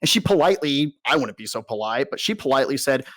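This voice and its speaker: A young adult man, a soldier being interviewed, telling stories in an animated, exasperated and profane rant. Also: medium pitch, fast talker, hardly any pauses, dry recording. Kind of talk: ranting interview storytelling.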